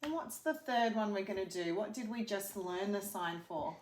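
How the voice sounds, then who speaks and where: A young woman, a speech pathologist, leads a children's lesson, teaching hand signs and singing a simple animal song in a sing-song way. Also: medium pitch. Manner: sing-song, slow and clearly paced for a child. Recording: roomy echo.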